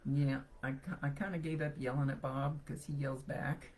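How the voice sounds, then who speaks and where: A woman's voice: a bass voice, level tone, normal speed, darkish tone, slight background noise, low-quality recording. A woman psychic medium giving a live reading to viewers, chatty and reassuring as she relays messages.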